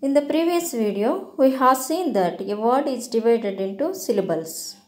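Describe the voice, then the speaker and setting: A woman teaching English word stress from slides, explaining slowly and deliberately with frequent hesitations. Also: fairly high pitch, animated, a little mellow. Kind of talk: slide-based grammar lesson.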